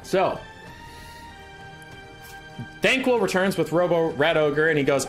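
A man's voice: on the high side, big pitch swings, moderate pace, a bit bright, soft background music. A man casually retelling a book's plot for laughs, sarcastic and profane. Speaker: storyteller. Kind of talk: casual comedic lore retelling.

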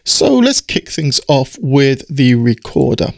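A man with a croaky voice, explaining music production software step by step in a relaxed tutorial. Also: mid-range voice, slow pace, no room sound, studio quality. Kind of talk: screen-recorded software tutorial. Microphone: studio mic through audio interface.

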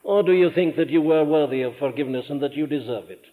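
An older man with a Welsh accent preaching a sermon, earnest and fervent, rising in emphasis and dropping low for quiet lines. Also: fast. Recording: tinny archival church sermon recording with long hall reverb.

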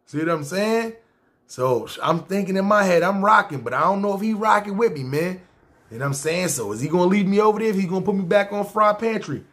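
This is a New man who narrates his own life to camera. He speaks in loose street slang and keeps checking in with "see what I'm saying." His voice sits a bit higher than most men's. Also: lively intonation, fairly quick, a bit bright. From New York. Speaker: YouTube storyteller. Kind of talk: casual personal storytelling.

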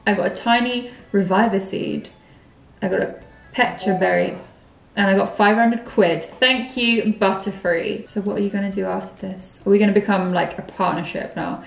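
A woman's voice: mid-range voice, moderate pace, vocal fry. A young woman hosting a casual gameplay chat, giggling and reading game text aloud. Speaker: gaming channel host. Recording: roomy, with game music behind.

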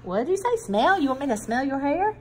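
A woman's voice: high-pitched, sing-song, fast talker, a little hiss or hum. A woman coaching a young child to speak, coaxing and playful, making animal sounds along the way. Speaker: speech therapy helper with a child.

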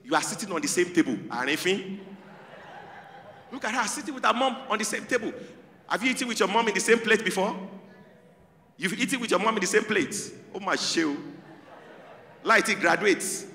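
Nigerian male stand-up, high and bright, echoey hall sound. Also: brisk, long pauses. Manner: lively, animated storytelling. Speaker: stand-up comedian. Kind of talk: stand-up comedy. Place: large hall with audience.

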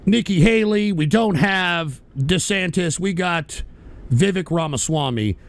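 A man hosts his call-in stream in a rambling, profane way. His voice sits high for a man and swings wildly in pitch. He flares up quickly when provoked. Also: animated. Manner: hot-tempered, swearing, rambling. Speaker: internet radio host.

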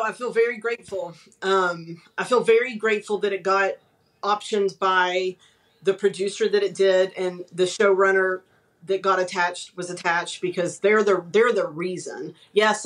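A woman's voice: mid-range voice, fairly even intonation, normal speed, rough recording. A woman from East Texas, an author guest in a casual interview, modest and easygoing, trailing off with fillers.

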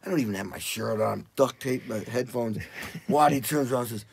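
An older man, a drummer, telling animated stories in a casual interview and acting out what people said. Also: brisk, creaky, husky, no echo. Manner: animated, acts out quotes in loud high voices.

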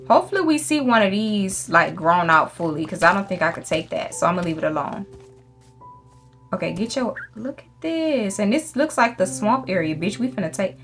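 A woman's voice: mid-range voice, a bit bright. Profane, chatty woman gaming host. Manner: profane, chatty, talks straight to viewers. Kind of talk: casual let's-play commentary. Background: faint game music.

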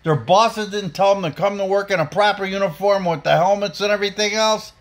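A man rants on a podcast, blunt and profane, his voice sitting high for a man. He swings between fired-up outbursts and low, hard-edged lines. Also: fairly quick. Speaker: podcast host. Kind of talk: angry opinion rant.

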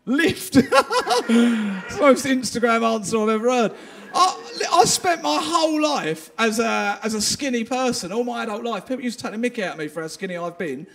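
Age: adult. Sex: man. Pitch: very high for a man. Style: crude, self-mocking stand-up. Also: expressive, moderate pace, fairly bright tone, a little hiss or hum. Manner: crude, self-deprecating banter. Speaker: stand-up comedian. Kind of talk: stand-up set with crowd work. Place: live comedy venue with audience.

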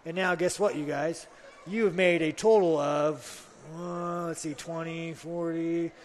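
A man's voice: a little high, fairly even intonation, unhurried, in a large hall. A man, a pro fighter on a live talk show, telling stories bluntly and with plenty of swearing. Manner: blunt, profane, rambling storytelling. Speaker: fighter guest. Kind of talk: casual chat.

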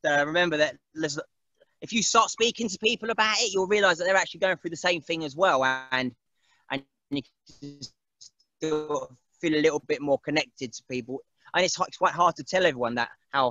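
A man's voice: a little high, bright, forceful tone, no room sound, muffled recording. A man, chatting casually as an interview guest, rambling and laughing often and mimicking other people's voices. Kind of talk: casual chat.

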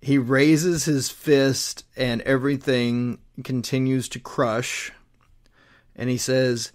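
Man, casual retelling, rambling, fillers, unhurried pace, mid-pitched. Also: flat delivery. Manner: rambling, with many fillers and restarts. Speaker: host retelling a comic storyline. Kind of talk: casual chat.

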